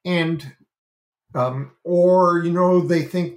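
At a normal speed and in a slightly high voice, a parenting and self-regulation educator explains self-regulation on a talk show. The audio is reverberant. He is earnest and thinks aloud with many fillers and restarts, moving his hands as he talks.

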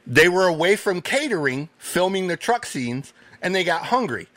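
A man, a podcast guest, telling animated stories in a casual chat, swearing now and then. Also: high-pitched, normal speed, no room sound. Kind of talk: casual storytelling.

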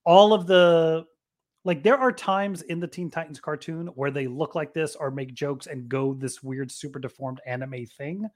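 A man's voice: a little high, normal speed. A man in his thirties co-hosting a podcast, chatting casually in a playful, enthusiastic, teasing way. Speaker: podcast co-host. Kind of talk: casual chat.

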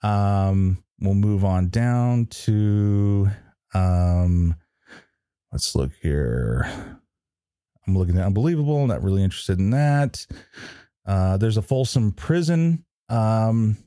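Man co-hosting a podcast, low mellow voice, loose and rambling, dry close recording. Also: lively intonation, slow pace, dry recording. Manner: rambling, full of ums and restarts. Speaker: podcast co-host. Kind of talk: casual chat.

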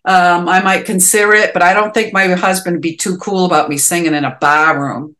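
A woman's voice: lowish voice, steady tone, a little fast, fairly bright tone. A woman with a Boston accent, a musician guest chatting in a podcast interview, rambling and leaning on "you know" fillers.

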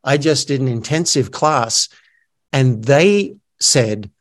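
Male guest, coach turned actor, energetic candid storyteller, mid-range voice. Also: mid-range voice, unhurried. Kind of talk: casual storytelling interview.

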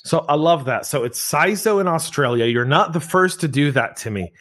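Man, podcast host, upbeat, joking, fairly high voice. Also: brisk, fairly bright tone. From United States. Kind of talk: casual podcast hosting.

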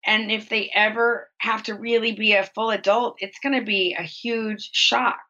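A woman's voice: medium pitch, fairly even intonation, measured pace, sharp tone, highs cut off. A woman talking candidly as an interview guest. She is open and reflective, and she acts out her own inner thoughts in livelier voices.

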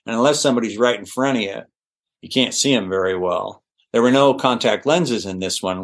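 A middle-aged man, an actor guest on an interview show, telling anecdotes in a lively way with laughs and restarts. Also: lowish voice. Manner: animated, laughing, with restarts and fillers. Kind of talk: anecdotal storytelling.

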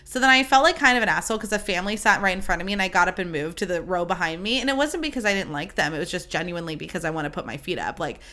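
Speaking very fast with hardly any pauses, this young woman has a lowish voice, lively intonation, and a bright, forceful tone. She's the host of her own podcast, gushing and bubbly in a casual solo chat, cursing without restraint.

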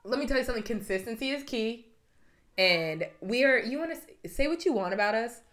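A woman's voice: a little high, lively intonation, fairly quick, a bit bright. A young woman who is a hairstylist, co-hosting a podcast in a playful, jokey casual chat.

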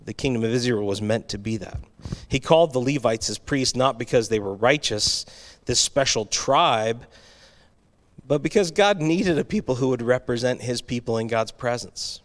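A man's voice: mid-range voice, moderate pace. Male pastor, mid-range voice, easygoing sermon delivery with asides to the room. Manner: conversational, with restarts and asides to the congregation.

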